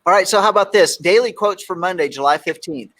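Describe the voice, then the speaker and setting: A middle-aged man hosts a casual talk show, cracking jokes and punching up each quote he reads. His voice sits a bit high for a man. He comes from Texas. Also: quick pace, a bit bright. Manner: jokey, reads quotes aloud with emphasis. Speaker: radio show host.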